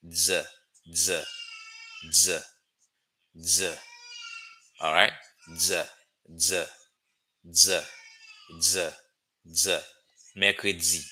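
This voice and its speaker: Haitian-accented male teacher on a livestream, deep bright voice, patient and repetitive. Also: low-quality recording. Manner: slow, drilling repetitions, frequent "okay?" checks. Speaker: language teacher. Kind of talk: livestream language lesson.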